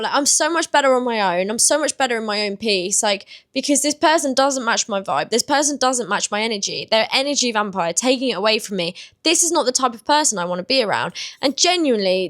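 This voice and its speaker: A woman's voice: fairly high pitch, fairly bright tone. A woman in her twenties with a British accent, talking openly and casually to camera in a confessional vlog, with many filler words. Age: 20s. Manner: open, chatty, many "like" fillers. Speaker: vlogger.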